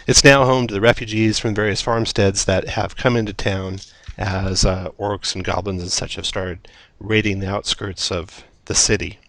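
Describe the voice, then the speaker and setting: A man's voice: lowish voice, steady tone, normal speed, a bit bright, no room sound. A man running a tabletop game as dungeon master, narrating scenes descriptively with occasional fillers.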